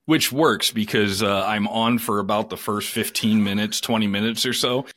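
A man's voice: on the low side, moderate pace, a bit bright, no room sound, clean studio sound. A man hosting and producing a podcast, trading wry, teasing banter. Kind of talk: casual chat.

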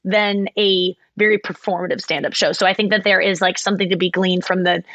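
A woman's voice: fairly low pitch, steady tone, a little fast, a bit bright, no room sound, dull audio. A woman co-hosting a podcast, talking candidly in casual chat, rambling and correcting herself as she goes. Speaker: podcast co-host, comedian.

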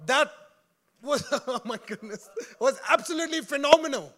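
A man preaching a sermon in an animated, joking way, often laughing and calling out to his congregation. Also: extremely high pitch, normal speed.

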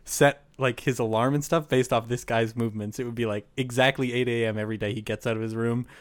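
A man's voice: mid-range voice, steady tone, fast talker, smooth, no echo. A man in casual chat, teasing his co-host and retelling a listener's story.

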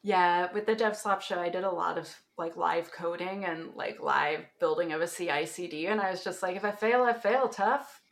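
A woman from Canada, a podcast guest chatting casually and telling animated stories with lots of fillers. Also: fairly low pitch, moderate pace, vocal fry, few pauses. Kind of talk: casual chat.

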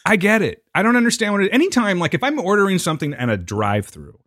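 Give me a chatty male co-host with a swooping, animated delivery. He jokes around and mimics other people's voices with a sardonic edge. The sound is dry and close to the mic. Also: high-pitched, quick pace, dry recording. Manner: animated, puts on voices in mocking impressions. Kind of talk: casual banter.

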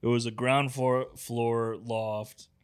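A man's voice: mid-range voice, flat delivery, slow pace, clear, resonant tone. Laid-back man telling stories. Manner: laid-back, profane, laughs through stories. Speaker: podcast co-host. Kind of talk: casual chat.

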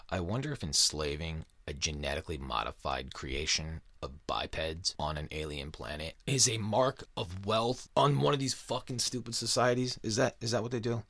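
A man's voice: low-pitched, normal speed, fairly bright tone, no echo. A man hosting a casual podcast, talking in a profane, rambling and sarcastic way. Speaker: podcast host. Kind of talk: casual chat.

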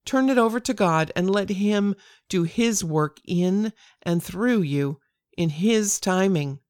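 A woman's voice: mid-range voice, expressive, slow, a little mellow, clear, resonant tone, no echo, studio quality. An older woman hosting a devotional podcast, talking in an earnest, encouraging way. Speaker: podcast host.

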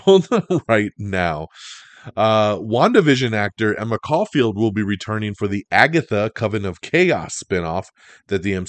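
A man hosting a podcast, running through entertainment news in a casual, animated way. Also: deep voice, no room sound. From Italian heritage. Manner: animated, chatty, breaks into goofy impressions. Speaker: podcast host.

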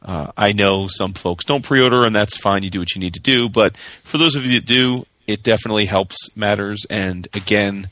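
A man co-hosting a podcast, talking in a measured, earnest way about upcoming releases. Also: on the low side, bright, forceful tone, dry recording. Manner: measured, earnest, plugs pre-orders. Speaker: podcast co-host. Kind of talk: casual chat with announcements.

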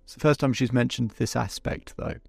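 A man's voice: mid-range voice, steady tone, gravelly, darkish tone, breathy edge, dry recording, soft background music. A man working as a life coach, speaking reflectively to his listeners and his client, often restarting his sentences. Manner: reflective, halting with many restarts. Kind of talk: coaching session with asides to listeners.

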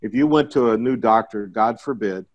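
A man's voice: medium pitch, normal speed, highs cut off. A middle-aged man in a podcast conversation, explaining his sales approach with folksy stories and jokes. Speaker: guest, IT sales consultant.

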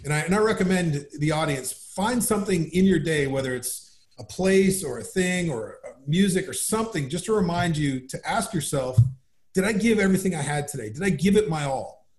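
Male interview guest, upbeat and animated, telling a story, slightly high-pitched voice, recorded with a roomy echo. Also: fairly quick. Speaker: guest, business founder. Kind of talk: conversational storytelling.

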